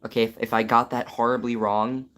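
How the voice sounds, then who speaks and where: A man's voice: mid-range voice, flat delivery, brisk, a bit bright. A man, a voice actor streaming live from home, chatting casually with his viewers. He jokes and stammers while reading chat aloud.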